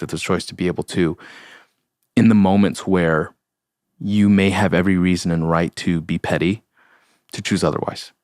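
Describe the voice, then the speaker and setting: A young man with a deep voice and a gravelly edge speaks as a podcast host, earnest and heartfelt. He talks in a halting way. The sound is dry, with no room around it. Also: darkish tone, dry recording. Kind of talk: solo reflective podcast talk.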